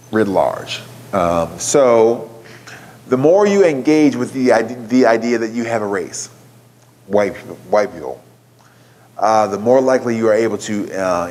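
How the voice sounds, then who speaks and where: A man's voice: fairly low pitch, a little mellow. A man giving a keynote talk, telling a story in a conversational way and putting questions to a live audience. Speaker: keynote speaker.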